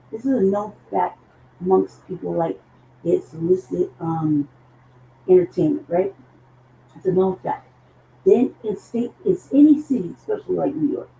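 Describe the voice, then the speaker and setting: A woman co-hosting a casual talk show, hoarse from losing her voice, rambling and profane. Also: lowish voice, mellow. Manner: rambling, profane, laughs between thoughts. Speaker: co-host. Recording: echoey room with faint noise.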